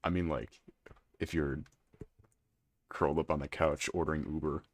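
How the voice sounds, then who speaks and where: Brief: male streamer, rumbling ultra-low voice, husky and gravelly, dry close sound, casual teasing chat. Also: steady tone, normal speed. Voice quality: extremely deep gravelly voice. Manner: chatty, teasing, reads and answers chat aloud. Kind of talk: casual live-stream chat while playing.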